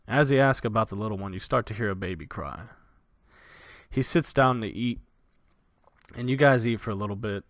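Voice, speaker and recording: A man's voice: fairly low pitch, moderate pace, pauses often, no room sound, clean studio sound. A man narrating as the dungeon master of a tabletop game, in loose, vivid narration full of fillers.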